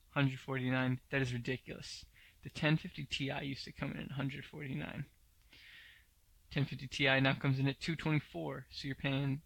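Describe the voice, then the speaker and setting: A man hosts a tech news podcast in a casual, opinionated way and fills his talk with asides. His voice has a gravelly fry and stays fairly level in pitch. The recording is dry and close, with no room sound. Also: fairly bright tone, dry recording. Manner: opinionated, blunt, many fillers. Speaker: podcast host.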